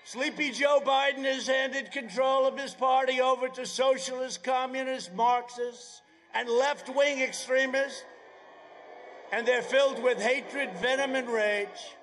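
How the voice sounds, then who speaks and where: Man shouting a rambling rally speech. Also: extremely high pitch, fairly even intonation, measured pace, slight background noise. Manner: rambling, with sarcastic asides and bursts of shouting. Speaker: campaign speaker. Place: outdoor rally at an airfield.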